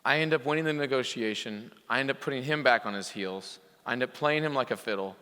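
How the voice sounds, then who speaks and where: A man gives an impassioned motivational speech to a room of business owners at a conference. His voice is bright and forceful, and it swells into emphatic peaks as he drives each point home. The sound carries the long reverb of a large hall. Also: mid-range voice, fast talker, clean tone. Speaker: coach speaking to repair shop owners. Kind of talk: motivational speech to a live audience. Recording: hall reverb from a live venue.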